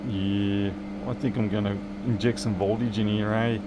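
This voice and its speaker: A man's voice: fairly low pitch, flat delivery, moderate pace, heavy background noise. A man, a repair technician bantering with viewers and muttering to himself while he works on a live stream.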